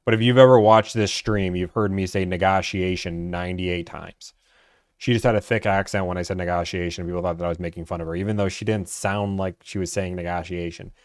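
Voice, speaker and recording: A man's voice: deep voice, steady tone, fairly quick, smooth, dry recording, studio quality. Rambling young man streaming. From Georgia, US. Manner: rambling, full of "like" fillers. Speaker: car-buying streamer. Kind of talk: casual live-stream chat.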